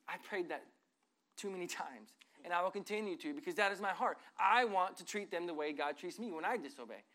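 A middle-aged man preaching a sermon as pastor, earnestly reading scripture and moving between loud and soft passages. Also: on the high side.

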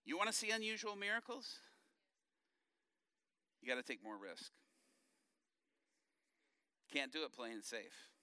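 A middle-aged male pastor preaching a sermon, telling stories in an animated way and acting out the quotes. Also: on the high side, measured pace, pauses often, clear, resonant tone, no room sound, studio quality.

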